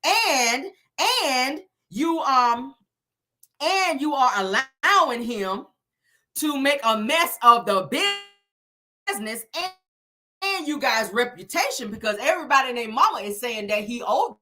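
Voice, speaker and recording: A sassy woman, recapping a reality show in blunt, profane commentary. Her voice is bright and sits fairly high, and she tears into the people she talks about without holding back. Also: lively intonation, a little slow. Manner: sassy, blunt, cussing, slangy.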